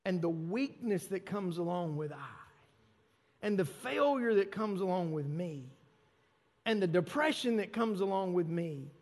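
Pastor, male, high voice, emphatic sermon delivery with repeated phrases, in a reverberant church hall. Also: lively intonation, a little slow, darkish tone. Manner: emphatic, repeats phrases and stresses key words. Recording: long reverb of a large hall.

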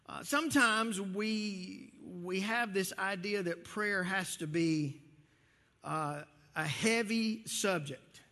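A man's voice: high-pitched, sharp tone, in a large hall. A man with a Texas accent preaching a sermon in a folksy storytelling way, full of restarts. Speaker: pastor.

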